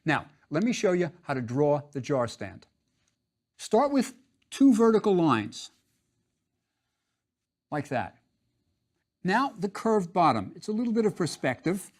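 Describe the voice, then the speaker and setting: A man's voice: fairly high pitch, darkish tone. A man teaching a drawing lesson, patient and step by step, repeating each instruction.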